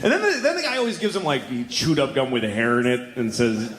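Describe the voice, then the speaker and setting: A man doing stand-up storytelling, profane and animated, acting out the people in his story with big swings of voice. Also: on the high side, a little fast, hardly any pauses, big-room sound, noisy background. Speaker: stand-up comedian.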